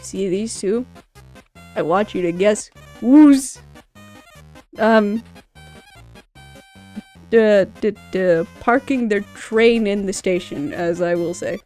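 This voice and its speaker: A young woman vlogging off the cuff, rambling with frequent laughter, loud outbursts and swearing. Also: mid-range voice, slow, pauses often, soft background music. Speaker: youtuber. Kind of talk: unscripted ranking vlog.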